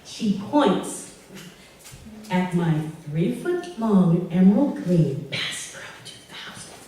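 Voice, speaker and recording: Animated woman telling a story in an echoey hall. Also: lowish voice, slow, distant mic, a little hiss or hum. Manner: animated, laughing through the telling. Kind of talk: live personal storytelling. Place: live storytelling event in a hall.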